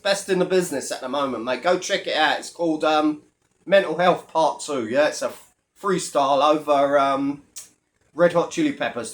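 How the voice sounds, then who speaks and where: A man's voice: on the high side, a bit bright. A man giving a blunt, mocking commentary on a video channel, swearing heavily as he rants. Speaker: YouTube commentator. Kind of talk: ranting commentary vlog.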